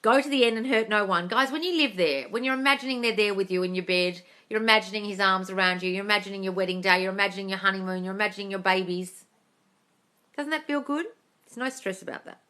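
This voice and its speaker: Young woman on a phone livestream, bright tense voice, fired up, swears a lot, chatty. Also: mid-range voice, fast. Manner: animated and blunt, swears freely. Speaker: manifesting coach hosting a live Q&A. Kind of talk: casual livestream chat reading viewer comments. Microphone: phone mic on a social media live stream.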